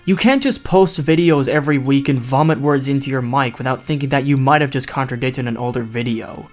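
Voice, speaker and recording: A man's voice: medium pitch, fairly quick, hardly any pauses, soft background music. A young man delivering a scripted video critique, sarcastic and mocking. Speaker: YouTube critic.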